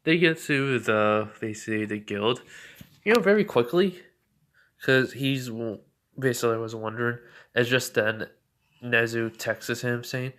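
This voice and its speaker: Male storyteller, casual and rambling, mid-pitched voice. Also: a little slow, a bit bright. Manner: rambling, many fillers and restarts. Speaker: fan storyteller.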